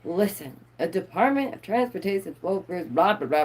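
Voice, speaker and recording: A woman's voice: medium pitch, sing-song, fairly quick, a little mellow. A woman, live streaming and reading news aloud with playful, sarcastic asides to her viewers. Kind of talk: casual live-stream commentary.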